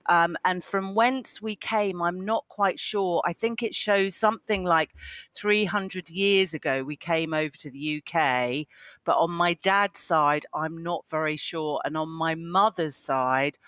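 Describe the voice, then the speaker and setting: A man's voice: on the high side, a little slow, bright, forceful tone, no echo. A man, a psychotherapist telling his life story in a chatty, self-deprecating way as an interview guest. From England. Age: 50s. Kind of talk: interview conversation.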